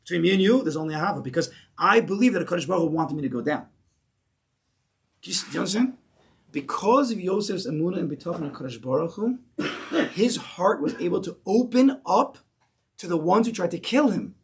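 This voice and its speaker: Animated man teaching a Torah class. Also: sits high, a little fast, gravelly. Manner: animated, asks the class questions. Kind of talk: lecture to a class.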